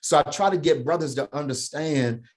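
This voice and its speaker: A man guesting on a podcast, talking casually in an animated, slangy way and punctuating his points with "right?". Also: fairly high pitch, moderate pace. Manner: slangy, emphatic, laughs while telling stories. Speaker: podcast guest, founder of a men's program. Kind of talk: animated storytelling, casual talk.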